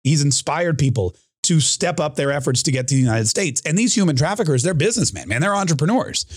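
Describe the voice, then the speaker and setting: A man's voice: fairly high pitch, quick pace, slightly rough, no room sound, studio quality. Rambling, boastful male podcast host. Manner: rambling, boastful, self-correcting, animated asides. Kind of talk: solo political podcast monologue.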